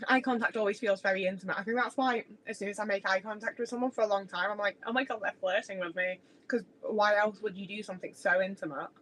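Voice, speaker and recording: A young woman talking on a relaxed home livestream, her words wandering from one thought to the next. She swears freely and pokes fun at herself, and her voice sits at an ordinary middle pitch. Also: fast, hardly any pauses, poor audio. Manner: rambling, sweary, self-deprecating. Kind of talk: casual livestream chat. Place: home kitchen.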